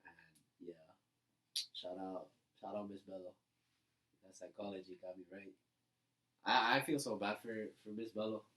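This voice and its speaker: Young man, lowish voice, set back from the mic, casual podcast chat. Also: measured pace, long pauses, recorded from a distance, low-quality recording. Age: young adult. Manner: relaxed, agreeable, chimes in with questions. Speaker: podcast co-host.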